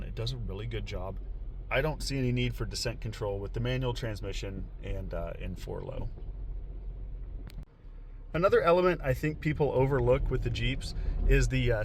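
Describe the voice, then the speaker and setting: A man at an ordinary middle pitch talks the listener through a trail drive from behind the wheel. His tone is easygoing and explanatory, with a few chuckles. A steady engine and road rumble from the cab runs clearly beneath his voice. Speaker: car reviewer. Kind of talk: casual narration while driving off-road. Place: inside a truck cab on a rocky trail.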